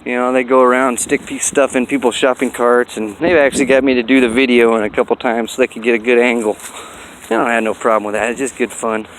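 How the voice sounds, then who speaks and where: A man's voice: mid-range voice, little pitch movement, quick pace, slight background noise, rough recording. A man vlogging outdoors by a busy road, in a rambling, folksy way with lots of fillers. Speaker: dog breeder vlogger. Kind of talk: casual walking vlog.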